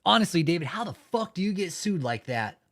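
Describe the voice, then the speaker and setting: A man's voice: high-pitched, very animated, brisk, fairly bright tone. A man hosting a livestream, chatting casually and reading out viewer comments in a profane, mocking way, laughing often. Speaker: livestream host.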